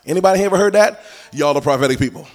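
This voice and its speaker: Male preacher, animated sermon, sing-song cadence, acts out dialogue, fairly high voice. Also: rapid-fire.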